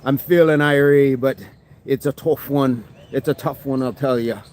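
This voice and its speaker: A man's voice: medium pitch, fairly even intonation, moderate pace, warm tone. A man hosting a daily fitness livestream, chatting casually in a joking, rambling, self-mocking way.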